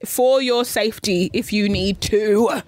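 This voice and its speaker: Young woman spinning an animated story. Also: mid-range voice, unhurried, slight background noise. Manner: animated storyteller, acts out quoted voices. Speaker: radio co-host. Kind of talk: casual chat, storytelling. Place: radio studio.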